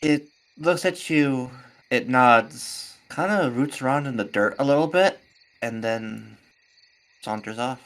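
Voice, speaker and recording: A woman's voice: very deep voice, slow pace. A woman game master describing the scene in a tabletop game, in a casual tone with small fillers.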